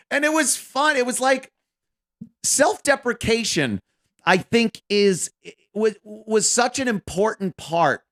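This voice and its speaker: A man's voice: sits high, fairly bright tone. A man in his fifties, a radio co-host, talking casually with profane, rambling, self-deprecating asides. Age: 50s. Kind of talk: casual monologue about his career.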